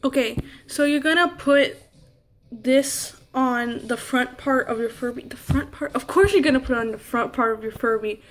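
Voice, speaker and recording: A woman's voice: high voice, normal speed. A young woman filming a crafting vlog, flustered and laughing at her own slip-ups. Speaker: crafting vlogger. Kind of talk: casual blooper vlog.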